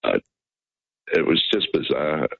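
A middle-aged Australian man phones in to a radio show, his voice extremely low with a gravelly fry. He sounds husky, and the call is muffled and dry. He rambles through his story and often restarts his sentences. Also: expressive, measured pace, no echo. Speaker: caller. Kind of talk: phone-in chat.

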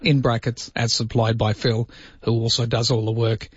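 A man's voice: mid-range voice, little pitch movement, normal speed, husky, no echo, highs cut off. A man hosting a radio show in casual, joking banter, teasing his co-workers. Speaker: radio host.

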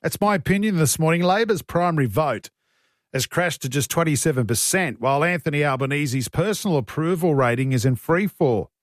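A man's voice: fairly high pitch, expressive, brisk, no room sound, clean studio sound. A man hosting breakfast talkback radio, chatty, opinionated and joking.

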